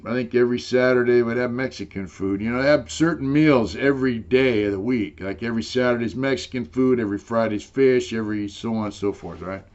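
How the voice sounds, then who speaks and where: Older male interviewee, mid-pitched, loose and profane storyteller, slightly dull lo-fi audio. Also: a little mellow. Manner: rambling, profane, full of "you know". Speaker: interviewee telling prison stories. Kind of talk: casual storytelling.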